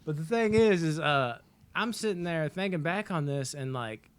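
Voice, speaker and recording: A man's voice: on the high side, expressive, normal speed, clean tone. A man in his twenties, a podcast co-host telling a long story in a casual, rambling way, full of filler words and swearing.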